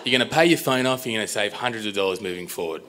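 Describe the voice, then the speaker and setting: A man's voice: fairly low pitch, animated, very fast, a bit bright. A man voicing a slick, eager male phone salesman with a coaxing, upselling manner.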